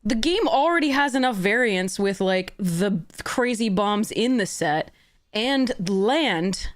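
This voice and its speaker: On a livestream, a woman streamer comments on her gameplay, cursing and ranting in frustration with high, shouted bursts. Her intonation is lively, and she takes her time.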